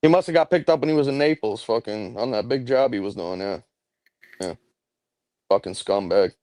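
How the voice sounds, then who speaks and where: A man's voice: on the low side, normal speed, a little mellow, dry recording. A man co-hosting a live stream in casual chat, heated and profane, often repeating himself.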